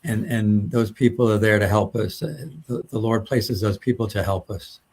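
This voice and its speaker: A man co-hosting a faith-based talk show, speaking in a measured, reflective way with some restarts. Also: fairly low pitch, fairly even intonation, a little mellow, husky. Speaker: co-host. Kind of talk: faith-based casual chat.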